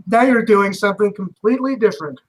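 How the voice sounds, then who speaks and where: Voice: mid-range voice, fairly bright tone, breathy edge, rough recording. A game master running a tabletop session in a loose, casual way, laughing often and full of fillers.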